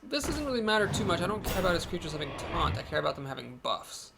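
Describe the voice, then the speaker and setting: A man's voice: a little high, big pitch swings, fast talker, gravelly, background noise. A man talking casually over his card game, thinking aloud, chatty and self-deprecating. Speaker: game video host. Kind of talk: casual gameplay commentary.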